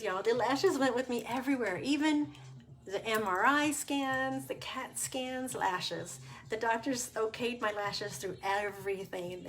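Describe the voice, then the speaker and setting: Woman chatting on a webcam stream, candid, lots of ums and little laughs, quiet music in the back. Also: fairly high pitch. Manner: chatty and candid, with frequent fillers and quick laughs. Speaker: cancer survivor sharing her story. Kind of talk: casual livestream testimony. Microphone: webcam or phone on a livestream.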